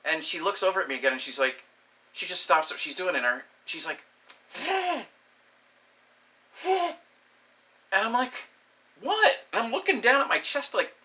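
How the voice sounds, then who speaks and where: A man's voice: fairly high pitch, very animated, fast talker, pushed and bright, rough recording. A young man telling a story casually on his vlog, acting out both sides of the dialogue. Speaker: vlogger.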